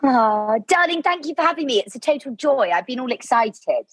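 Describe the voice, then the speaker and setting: A bubbly young woman with an English accent tells her story in a bright, high voice. She sounds effusive and laughs easily. The recording is dry and close, with no room sound. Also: big pitch swings, normal speed, dry recording, poor audio. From Devon, southwest England. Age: 20s. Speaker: guest author. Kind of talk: casual interview chat.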